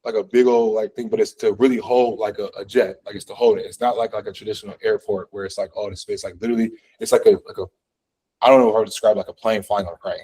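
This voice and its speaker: Lecturing a college physics class in a classroom also streamed online, a man speaks quickly with a lowish, warm, slightly rough voice and fairly even intonation. He's chatty, fills gaps with fillers, and questions students. The recording is low-quality.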